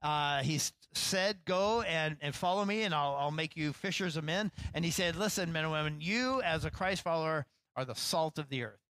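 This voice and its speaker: A man, a pastor, preaching a sermon in a relaxed, conversational way, acting out lines with rising animation and poking fun at himself. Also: a little high, moderate pace, few pauses, a little hiss or hum, poor audio. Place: church.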